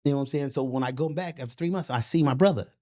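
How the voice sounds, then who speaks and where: A middle-aged man who coaches boxing and MMA tells stories in a casual interview, speaking rapid-fire at a medium pitch. He's animated and profane, often tossing in "you know what I'm saying".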